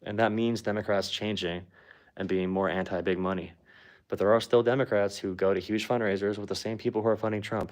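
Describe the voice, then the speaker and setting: A man talking politics in a casual, blunt, sarcastic way, with lots of "like" fillers. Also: fairly low pitch. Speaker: political commentator. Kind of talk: casual chat.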